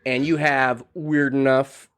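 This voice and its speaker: A man's voice: medium pitch, slow pace, clean tone. A young man hosting a podcast, chatting casually and joking, with plenty of swearing. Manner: animated, joking, swears freely. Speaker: podcast host. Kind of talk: casual chat.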